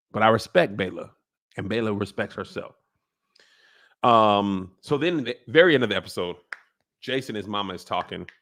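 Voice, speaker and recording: A man hosting a comedic TV recap, riffing in a slangy, animated way. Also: on the low side, gravelly.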